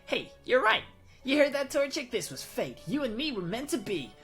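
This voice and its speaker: A cheerful young girl gushes in a high, eager voice, as a woman puts her on. Her pitch bounces all over with lively enthusiasm. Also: moderate pace, faint music behind. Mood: excited. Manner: bright and eager.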